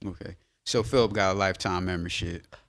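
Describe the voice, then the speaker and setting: A man's voice: low-pitched, fairly even intonation, a little fast, a bit bright, slight background noise. A man hosting a podcast in a studio, asking easygoing, casual questions. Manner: easygoing, asks short questions. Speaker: podcast host. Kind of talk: casual interview.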